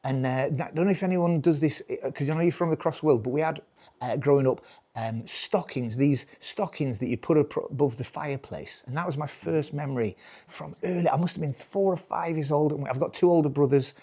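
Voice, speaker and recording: A man's voice: fairly high pitch, a little fast, dark tone. A British man in his forties doing live stand-up, rambling, restarting his sentences and chuckling at his own jokes. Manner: rambling, self-interrupting, chuckling. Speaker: stand-up comedian.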